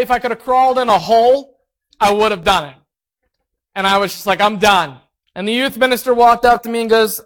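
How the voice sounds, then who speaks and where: A man pastor preaching a sermon, telling a story in an animated and self-mocking way. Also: high-pitched, normal speed.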